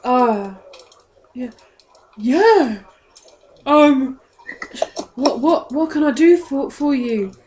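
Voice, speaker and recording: A woman's voice: sits high, animated, extremely slow, pauses often, darkish tone, a little hiss or hum, voice pushed up, exaggerated voice. A woman voicing a dumbstruck male guard who stammers, flustered, in a tabletop game.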